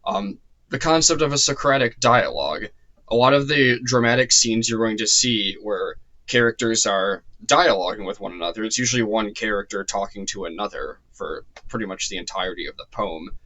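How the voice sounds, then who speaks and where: A man's voice: fairly low pitch, moderate pace, bright, forceful tone, rough recording. A man teaching a literature course in a loose, digressive lecture, with many ums and restarts, his voice a little strained. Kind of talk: unscripted lecture.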